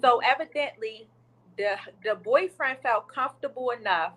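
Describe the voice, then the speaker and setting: A woman's voice: a little high, normal speed, rough recording. A woman podcast co-host, casually retelling a video she saw and acting out what people said. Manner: chatty and animated storytelling, acts out quotes.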